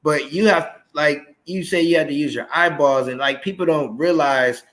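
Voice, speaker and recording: This thirtysomething guy hosts a laid-back interview podcast and gets really animated, jumping into little voices when he quotes people. his voice sits a touch high for a man, and he bounces between quick bursts and slower stretches. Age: 30s. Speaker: podcast host. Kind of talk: casual interview chat.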